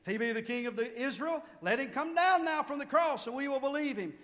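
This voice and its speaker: A man preaching a sermon with fervor, rising to loud shouted peaks and then dropping low and quiet. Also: lively intonation, fairly quick. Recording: long reverb of a large hall.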